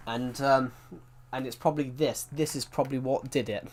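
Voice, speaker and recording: A man's voice: mid-range voice, steady tone, moderate pace. Rambling man chatting on a game stream. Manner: rambling storyteller, frequent self-corrections. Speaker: livestreamer. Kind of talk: casual chat while streaming a game.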